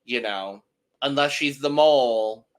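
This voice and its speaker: A man's voice: mid-range voice, a little slow, clear, resonant tone. A man co-hosting a podcast, recapping reality TV in a chatty, emphatic, upbeat way. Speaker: podcast co-host. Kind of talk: casual reality TV recap chat.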